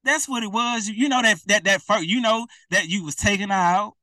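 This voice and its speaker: Man preaching, high bright voice, dry room, a bit off mic. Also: fairly quick, no echo, far from the mic. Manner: colloquial, repetitive, direct address. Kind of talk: informal preaching to camera.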